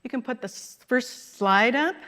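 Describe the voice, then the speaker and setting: A woman's voice: on the high side, normal speed, a bit bright. A middle-aged woman minister giving a conversational sermon in a church, chuckling now and then at her own stories. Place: church sanctuary.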